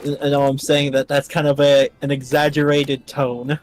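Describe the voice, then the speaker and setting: Easygoing guy from canada, kinda high voice, faint noise in the back. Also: level tone, moderate pace, a little mellow. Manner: easygoing, laughs often. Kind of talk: casual chat while gaming.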